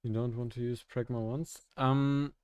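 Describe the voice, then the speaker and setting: A young man chats with his viewers during a live coding stream, with a mellow voice. He thinks aloud, stops and restarts, and laughs often. The sound is dry. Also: medium pitch, fairly even intonation, a little slow, smooth, no echo, highs cut off. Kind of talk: casual live-stream chat while coding.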